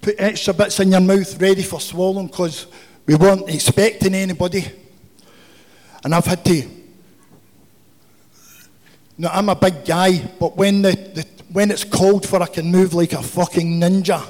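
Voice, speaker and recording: A man shares his recovery story, blunt, swearing and funny. His voice sits high for a man. The long reverb of a meeting hall trails every line. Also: steady tone, normal speed, long pauses, darkish tone. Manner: swearing, humorous, confessional. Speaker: recovery speaker.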